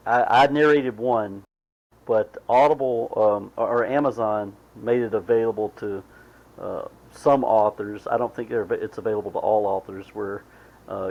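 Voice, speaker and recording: A man with a Southern US accent, hosting a podcast in casual chat, talking in a drawn-out, halting way with fillers. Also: lowish voice, fairly even intonation, gravelly, darkish tone. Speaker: podcast host. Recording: slightly dull lo-fi sound.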